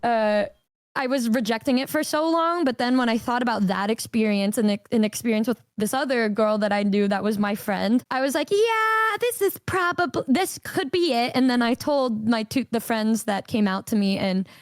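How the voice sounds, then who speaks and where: A young woman with a fairly high voice tells a rambling personal story in a casual streaming chat, acting out other people's lines in a brighter, higher pitch. The sound is dry and close, with no room around her. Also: moderate pace, no echo. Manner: animated, acts out quotes in a higher voice, swears casually.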